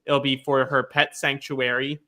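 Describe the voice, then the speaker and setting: A man co-hosting a casual podcast chat, quick and joking. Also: mid-range voice, little pitch movement, pushed and bright. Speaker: podcast co-host.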